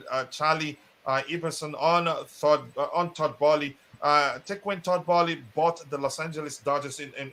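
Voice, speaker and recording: A man's voice: fairly high pitch, pushed and bright. A man hosting a live football chat show, talking loosely with many fillers and restarts. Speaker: host.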